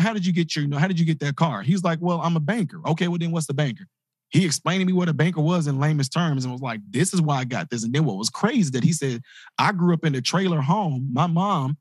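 Husky man telling a life story. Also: on the high side, dry recording, clean studio sound. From grew up in inner-city projects. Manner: animated, acts out quoted voices. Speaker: motivational speaker. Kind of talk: storytelling talk.

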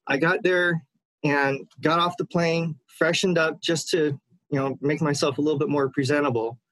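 A man on the line tells a personal story, his voice sitting fairly high for a man. He talks earnestly, stopping and restarting his sentences as he goes. The sound is dry and close, with no room around it. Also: fairly even intonation, moderate pace, fairly bright tone, dry recording, poor audio. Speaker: caller. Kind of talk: personal story told to a radio host.

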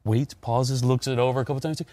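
A middle-aged man co-hosting a casual sports podcast, telling anecdotes with animated delivery. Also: medium pitch, a little fast, dry recording. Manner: animated storyteller, acts out voices in anecdotes. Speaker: podcast co-host.

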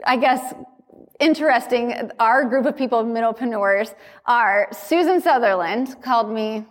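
A woman hosting a business summit as a coach, giving a chatty, energetic talk and acting out quoted dialogue. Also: a little high, measured pace. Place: large conference room. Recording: long hall reverb.

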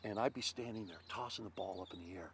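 A man's voice: lowish voice, fast talker, creaky, a little hiss or hum. An older man from Ohio, a former ballplayer, telling stories in a casual interview and acting out quotes. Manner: animated storyteller, acts out quotes loudly. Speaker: interview guest, former baseball pitcher.

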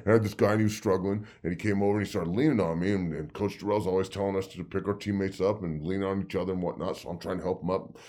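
A man in his thirties, a former football player hosting a podcast, telling profane, excitable stories and acting out the quotes. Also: sits low, quick pace. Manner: excitable, profane storytelling with lively put-on quotes. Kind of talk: casual podcast chat.

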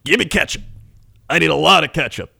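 Old trucker, chatty and pushy, pitched up, put on by a man. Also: brisk, pushed and bright, full character voice. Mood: demanding. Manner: gruff, folksy, pokes at strangers.

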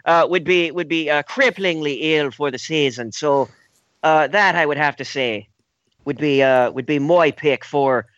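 A man's voice: fairly high pitch, unhurried, fairly bright tone, no echo, dull audio. A man doing a put-on Irish accent as a rambling, joking Irish character on a casual podcast, hesitating with many "uh"s. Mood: mock-serious. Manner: hesitant, full of "uh" and restarts. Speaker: podcast co-host.

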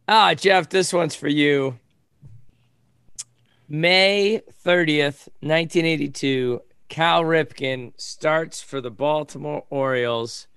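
Guy with a gravelly kinda high voice doing podcast trivia, dry close sound. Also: slow pace, fairly bright tone, no echo. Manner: reads out trivia questions and facts. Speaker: podcast co-host. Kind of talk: casual chat.

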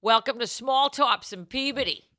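A woman voicing a brash, bossy stripper with a Boston accent, loud and crude. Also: a little high, normal speed. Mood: tough. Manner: loud and shouting.

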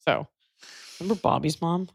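A woman's voice: lowish voice, normal speed, creaky, slightly rough. A woman hosting a podcast, giving frank advice in casual chat with joking asides. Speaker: podcast host.

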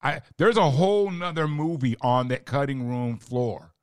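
A man's voice: medium pitch, animated, moderate pace, clean tone, dry recording, clean studio sound. A man hosting a casual interview, telling stories in a reflective, emphatic way about directing. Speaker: host, writer and director.

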